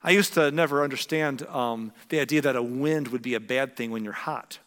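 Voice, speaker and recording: Animated preacher man in a reverberant hall. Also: brisk. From American Midwest. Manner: conversational, acts out quotes with big pitch jumps. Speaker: pastor. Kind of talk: sermon.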